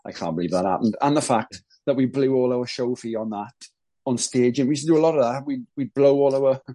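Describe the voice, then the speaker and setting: A man with a Welsh accent, a former band drummer, telling rambling, excitable stories as a podcast guest. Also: medium pitch, a little fast, no echo, rough recording. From Wales. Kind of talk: casual podcast chat.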